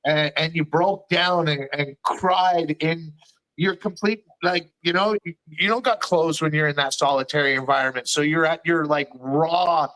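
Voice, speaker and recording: A man's voice: on the high side, measured pace, bright, forceful tone, rough recording. A man co-hosting a podcast, talking in a casual, reflective way and encouraging his partner with short replies. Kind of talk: casual conversation.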